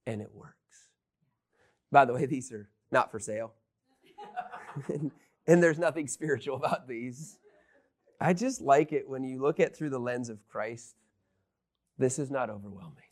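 A man teaching a Bible lesson, excitable, swinging between loud emphasis and hushed asides. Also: mid-range voice, moderate pace, pauses often.

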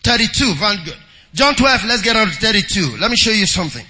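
A man preaching to his congregation in a very bright, high voice. He calls out for amens, reads scripture aloud, and moves between quiet asides and shouted lines. His voice rings with a long reverb in a church hall. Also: sing-song, fast talker. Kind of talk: sermon with scripture reading.

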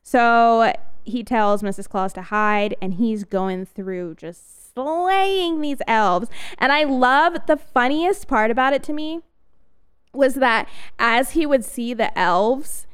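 A woman's voice: fairly high pitch, animated, slow, smooth. A woman co-hosting a podcast, animatedly retelling a movie plot with laughs. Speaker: podcast co-host. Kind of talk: casual movie recap chat.

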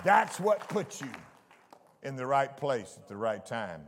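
A man preaching a fervent sermon to his church, shouting out exclamations. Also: medium pitch, big pitch swings, unhurried, a crowd in the background, noisy background. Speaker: pastor. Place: church sanctuary. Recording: echoey church hall with congregation.

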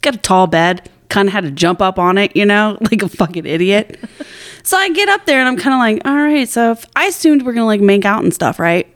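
A woman's voice: medium pitch, animated, a little fast, a bit bright, no echo, clean studio sound. A woman co-hosting a podcast, telling a long, rambling story in casual chat with a lot of swearing and self-mockery. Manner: rambling, profane, self-deprecating. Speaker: podcast co-host.

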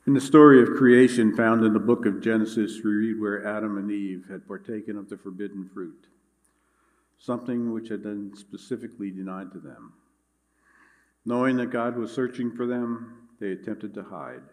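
A man preaching a sermon, reading scripture and speaking in a measured, earnest way. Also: fairly low pitch, darkish tone. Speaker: pastor.

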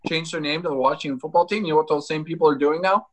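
Sports radio co-host, man, blunt and crude, slightly higher voice. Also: very fast. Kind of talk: casual sports radio banter.

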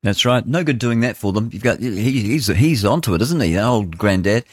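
A man's voice: fairly low pitch, animated, fairly quick, slight background noise. A man hosting a radio show in casual talk, rambling and thinking aloud as he looks for his next clip. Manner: rambling, thinks aloud while hunting for clips. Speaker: radio host.

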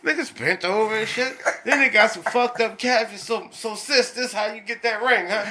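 A man, hosting a podcast in profane, rambling casual chat that breaks into loud excited laughter. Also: high voice, normal speed, hardly any pauses, very noisy. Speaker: podcast host.

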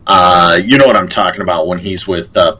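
This is a man with a deep, husky voice in a relaxed co-host conversation. He talks loosely, often stalls on fillers and restarts his sentences as he looks for a name or a word. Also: brisk, poor audio. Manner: hesitant, many fillers and restarts. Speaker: podcast co-host. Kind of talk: casual chat about a TV show.

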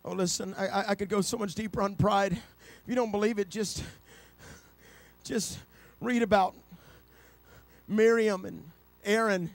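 A middle-aged man preaching a sermon in a notably high voice, recorded dry and close with almost no room sound. He tells personal stories and often stumbles and restarts his sentences. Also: fairly even intonation, unhurried, vocal fry, long pauses, dry recording. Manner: builds to loud, high-pitched preaching; storytelling, with repeated restarts.

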